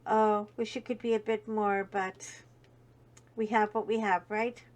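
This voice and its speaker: A woman voicing her compassionate Irish mother, gentle and reassuring. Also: mid-range voice, flat delivery, unhurried, natural voice.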